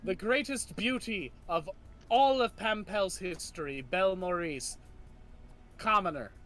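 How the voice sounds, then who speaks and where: A man's voice: high voice, expressive, unhurried, fairly bright tone. A man running a tabletop role-playing game, narrating and speaking for the characters. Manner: plays a scolding old witch in character. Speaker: game master.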